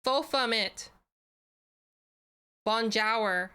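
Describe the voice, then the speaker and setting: A woman's voice: on the high side, drawn-out words, pushed and bright, a little hiss or hum. A woman VTuber streamer chatting casually and playfully with her chat, giggling and reading names aloud.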